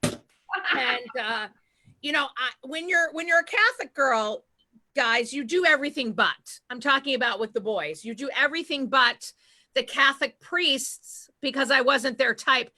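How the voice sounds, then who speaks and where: A woman's voice: sits high, expressive, moderate pace, bright, forceful tone. A woman from Massachusetts doing a chatty stand-up comedy set on a live stream, full of fillers and asides. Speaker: stand-up comedian and show host.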